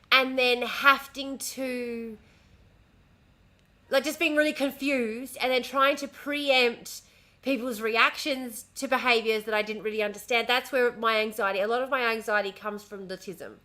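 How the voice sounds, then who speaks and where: Bright-voiced chatty Australian woman. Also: fairly high pitch. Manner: chatty, swears freely, speaks with a smile. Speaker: streamer. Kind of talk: casual livestream chat. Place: home room. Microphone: desk mic at home.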